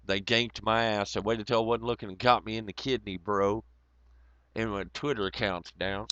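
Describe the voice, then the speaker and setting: A man's voice: fairly low pitch, steady tone, normal speed, fairly bright tone, smooth, no echo, dull audio. A man ranting in a rambling, profane way on a casual livestream, breaking into laughter often.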